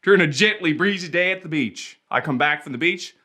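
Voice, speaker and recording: A man's voice: on the high side, brisk, bright, forceful tone. A man with a Prince Edward Island accent, delivering a playful, rhythmic comic spoken-word monologue. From Prince Edward Island, Canada.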